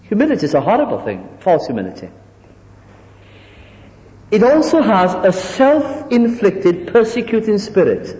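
A man preaching a sermon, lively and emphatic, often dropping his voice to mock a falsely humble tone. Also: high-pitched, normal speed, long pauses. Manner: animated, drops to mimicking soft humble voices. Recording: echoey hall, dull lo-fi sound.

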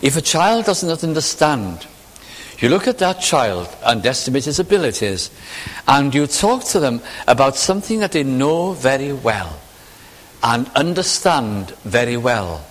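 A man's voice: medium pitch, big pitch swings, measured pace. A man preaching a sermon, earnest and reflective, building to emphatic questions. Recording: long hall reverb.

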